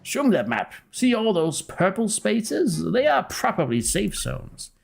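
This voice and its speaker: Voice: medium pitch, sing-song, measured pace, gravelly, husky, faint music behind, pitched above the performer's own voice, full character voice. A streamer voicing a cocky, cowardly male ship captain with a smug, wheedling manner. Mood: bossy. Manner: smug, wheedling, talks down to a kid. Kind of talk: voicing game dialogue live.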